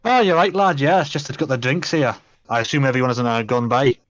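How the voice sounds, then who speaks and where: A man doing a gruff Scottish dwarf. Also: medium pitch, fast talker, a little hiss or hum, lightly acted. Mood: friendly. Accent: Scottish (put on, poor). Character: gruff male dwarf quest-giver, scarred, Scottish-ish.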